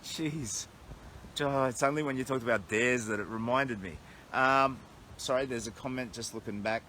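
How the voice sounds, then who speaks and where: A man's voice: mid-range voice, fairly quick, pushed and bright, a little hiss or hum. A middle-aged Australian man on a long walk, talking earnestly and thinking aloud to livestream followers from his camp at night. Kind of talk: casual reflective livestream talk. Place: camped outdoors at night in a storm. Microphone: phone livestream.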